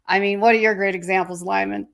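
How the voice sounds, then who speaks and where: A woman co-hosting a podcast as a communication coach, talking in an energetic, encouraging way. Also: medium pitch, fast talker. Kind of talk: conversational podcast talk.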